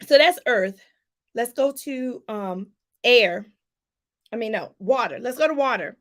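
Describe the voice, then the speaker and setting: A woman life coach talking casually to her viewers in a live stream, chatty and lively, laughing often and calling them "y'all". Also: a little slow. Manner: lively, pitch jumps up for emphasis.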